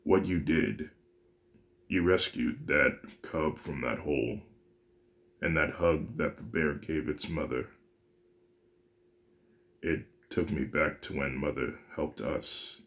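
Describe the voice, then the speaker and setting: A man voicing a calm, wise spirit wolf that speaks in an even, ordinary tone in a fan-made story. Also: very deep voice, takes it slowly, pauses often, heavily acted.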